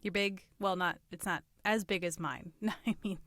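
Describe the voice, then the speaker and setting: A woman's voice: on the low side, fairly even intonation, normal speed, fairly bright tone, dry recording. Woman podcast host just chatting, goofy and rambly, laughs a bunch, dry sound. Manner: playful, rambling, laughs often. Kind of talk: casual chat.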